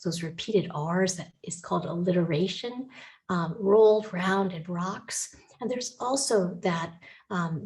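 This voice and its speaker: A woman instructor talking through slides in a recorded lecture, thinking aloud with small restarts and gently reassuring her students. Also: fairly low pitch.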